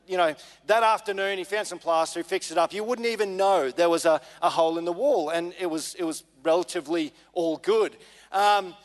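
A man, a pastor telling a personal story in a relaxed, conversational sermon with many fillers. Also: high voice. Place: church hall. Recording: long reverb of a church hall.

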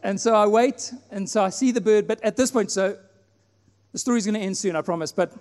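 A man from South Africa preaching a sermon in a church, telling a personal story and acting out his own prayers with animated delivery. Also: high-pitched, a little fast. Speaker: pastor. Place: church hall. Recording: long hall reverb, faint music.

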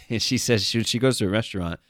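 A man's voice: lowish voice, fairly quick, fairly bright tone, dry recording, studio quality. A man talking casually to camera as a travel vlogger, joking and sarcastic, with a rambling, offhand way of talking. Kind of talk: casual monologue.

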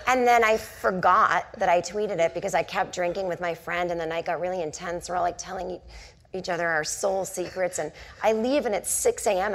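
Chatty woman in her forties, lowish voice. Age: 40s. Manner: chatty storytelling full of "like" and self-mocking asides. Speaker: comedian and author, guest. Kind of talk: onstage conversation, telling anecdotes. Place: stage before a live audience.

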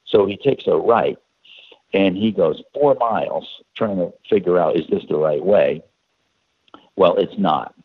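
A deep-voiced middle-aged man tells a long story at an easy, casual pace, stopping and restarting his sentences often. His voice comes through a thin, phone-like line. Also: creaky, slightly rough. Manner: rambling, halting, many restarts. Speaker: guest.

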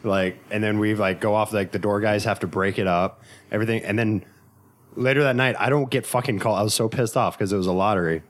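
Lowish guy, comedian, rambling sweary story, lots of uh and like. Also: steady tone, fast. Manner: profane, rambling anecdote with frequent fillers. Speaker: stand-up comedian and Marine veteran. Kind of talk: casual podcast storytelling.

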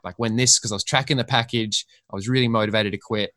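Bright-voiced sweary Australian guy. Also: lowish voice, fast talker, few pauses, dry recording. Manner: rambling, sweary storytelling. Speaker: podcast guest. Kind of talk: casual chat.

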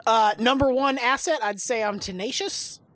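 A woman's voice: on the high side, moderate pace, a crowd in the background. Playful woman co-host. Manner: playful, mock-serious, teasing. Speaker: podcast co-host. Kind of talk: casual sports chat.

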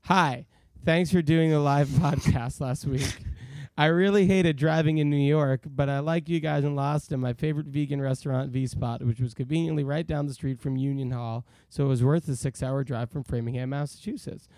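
A man's voice: mid-range voice, steady tone, brisk, hardly any pauses, warm tone, no echo. A man co-hosting a casual podcast, reading listener emails aloud and joking around. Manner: reads listener emails aloud, jokey, slips into silly voices. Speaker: podcast co-host.

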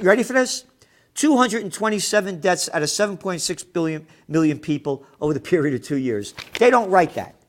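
A man in a furious rant over the news, swearing and jeering at the people he quotes. His voice sits high and swings wildly, climbing into near-shouts and then dropping low and scornful. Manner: angry, profane, sarcastic, mocking quoted people. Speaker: commentator. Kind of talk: ranting news commentary.

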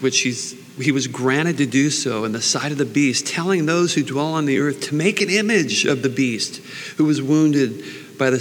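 A man preaching in an unhurried, earnest, informal way, mixing Bible readings with personal prayer. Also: mid-range voice. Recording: long reverb, faint background noise.

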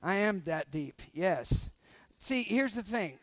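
A middle-aged pastor with a fairly high, a bit bright voice delivers a sermon, animated yet slow. He cracks jokes, turns sarcastic, and keeps quizzing the congregation with questions. His voice sounds close and dry, with no room sound.

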